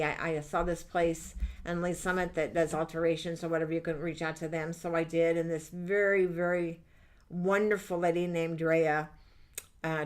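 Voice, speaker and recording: A middle-aged woman hosting a live angel-reading stream, chatting candidly and rambling with lots of fillers. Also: on the low side. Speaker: livestream angel reader. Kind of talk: chatty livestream talk reading out viewer comments.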